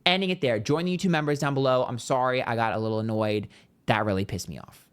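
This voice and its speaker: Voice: mid-range voice, quick pace, background noise. Profane, heated tarot-reading vlogger. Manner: talks straight to viewers. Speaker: tarot reader. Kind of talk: casual ranting vlog.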